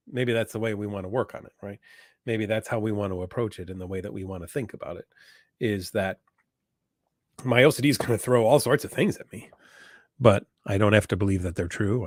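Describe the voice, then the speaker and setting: Man, low voice, dry close sound, earnest psychologist answering questions live, repeats points, slows for emphasis. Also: dry recording. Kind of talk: live online Q&A advice.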